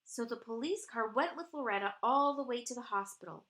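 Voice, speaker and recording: Bright woman reading a children's story. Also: a little high. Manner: expressive, with drawn-out sound effects.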